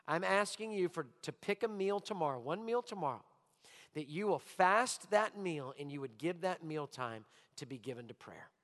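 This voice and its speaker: A middle-aged man delivers a sermon with a high, ringing voice and bright, forceful edge. He drives his points home by repeating them. The sound carries a long hall reverb, as in a large church auditorium. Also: animated, normal speed. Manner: emphatic, repeats key lines, acts out listeners' voices. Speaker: pastor.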